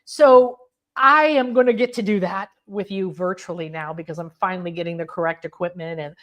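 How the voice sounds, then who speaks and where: A woman's voice: lowish voice, brisk. A woman who is a spiritual teacher and sound healer, leading a live online class in a bubbly, rambling way and often exclaiming aloud.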